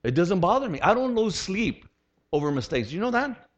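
A pastor in his sixties preaches a conversational, humorous sermon packed with rhetorical questions. His voice sits high and sing-song at a moderate pace, and the lo-fi recording sounds dull.

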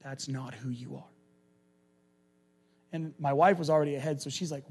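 A middle-aged man preaching a sermon as a pastor, animated and acting out the people he talks about. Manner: animated, acts out people in quick high voices.

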